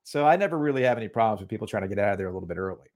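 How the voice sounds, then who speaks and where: A man's voice: lowish voice, very fast. A man co-hosting a sports podcast, talking in a loose, joking way full of "like" fillers. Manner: animated, joking, many "like" fillers. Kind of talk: casual sports chat.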